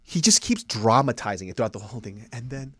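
A young adult man from the United States, a podcast host telling stories in casual comedy chat, animated and peppered with "like" and "right?". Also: medium pitch, fast talker, slightly rough, no echo, studio quality. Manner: animated storyteller, lots of "like" and "right?".

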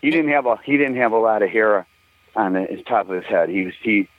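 This older musician guest has a lowish voice and speaks a little fast, spinning rambling, profane tales and laughing a lot in casual conversation. It comes through a tinny, dry phone line without echo.

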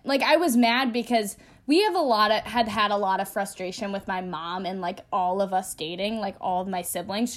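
A young woman co-hosting a casual podcast, telling a personal story with lots of laughter and "like" fillers. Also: mid-range voice. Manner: animated, laughing, many "like" fillers. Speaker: podcast co-host.

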